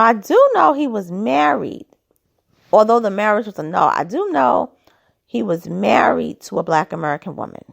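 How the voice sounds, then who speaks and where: A woman's voice: medium pitch, creaky. A woman talking through casual, opinionated commentary, asking skeptical rhetorical questions, her throat a little dry. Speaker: commentary vlogger.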